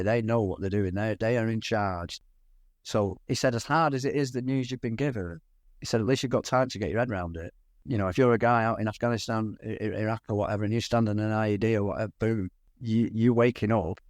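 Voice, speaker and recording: A man's voice: lowish voice, no room sound. Cornish man, middle-aged, podcast guest; candid storyteller, dry close sound. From England. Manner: candid, frequent restarts and quoted dialogue. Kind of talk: conversational storytelling.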